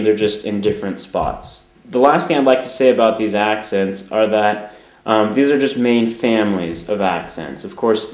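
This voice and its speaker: A man with a General American accent giving a calm, measured language lesson, pausing often with "um". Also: fairly low pitch, echoey room, low-quality recording. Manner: calm, measured explaining with frequent "um" pauses. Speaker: language teacher. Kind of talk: explanatory lesson.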